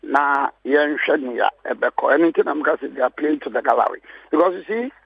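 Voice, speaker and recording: A husky, slightly higher-voiced man with a Ghanaian accent argues his case on a radio panel, hammering home key phrases. The sound is dry and a bit muffled, like a close studio mic. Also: expressive, fairly quick, no room sound. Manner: emphatic, repeats key phrases. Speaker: political guest. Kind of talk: heated radio panel talk.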